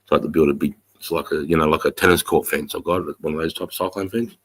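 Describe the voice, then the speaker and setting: Deep-voiced Australian man, rambling and profane. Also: fast. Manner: rambling, profane, animated retelling. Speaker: livestream host. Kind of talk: casual storytelling on a livestream.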